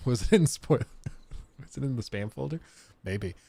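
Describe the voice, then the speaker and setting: A man's voice: mid-range voice, animated, a little slow, creaky, mellow, slightly rough, dry recording, soft background music. A young man streaming live, chatting casually and laughing as he reacts to a game trailer and explains technical details.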